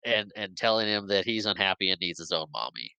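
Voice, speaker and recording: A man with a lowish, smooth and resonant voice is recapping a film for his podcast. He tells it casually and lively, slipping into the characters' lines and laughing along. The sound is dry and close, with no room around it. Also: a little fast, dry recording, lo-fi sound. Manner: animated retelling, acting out characters' lines with laughs. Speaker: podcast host. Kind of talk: casual movie recap chat.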